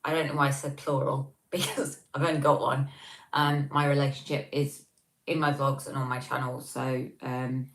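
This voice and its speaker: A woman's voice: very deep voice, little pitch movement, moderate pace, echoey room, poor audio. A woman hosting a casual livestream, reading out chat messages and answering them in a chatty, self-mocking way with many ums. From Scotland.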